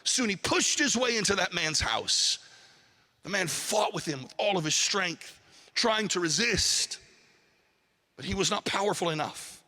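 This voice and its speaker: A preacher tells a sermon story with animated, lively delivery, calling on his listeners to join in. His voice sits high and bright. A long reverb carries it through a large church hall. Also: measured pace. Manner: animated, calls for audience response.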